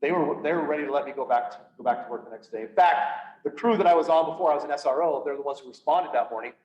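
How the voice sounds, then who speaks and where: A man with a fairly high voice tells his own story to an audience in an earnest, halting way, often restarting his sentences. He sounds distant from the mic. The room echoes around him, and the recording is dull. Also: darkish tone. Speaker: public speaker on PTSD. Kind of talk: personal storytelling talk. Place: event room, speaking to an audience.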